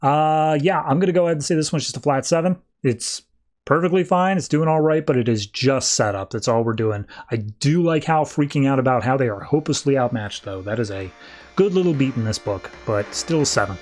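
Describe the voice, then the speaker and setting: A man's voice: medium pitch, brisk, a little mellow, faint music behind. A man hosting a podcast, casually recapping a comic issue in a loose, rambling way and paraphrasing scenes. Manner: loose, rambling summary full of 'he's like' paraphrase. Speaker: podcast host.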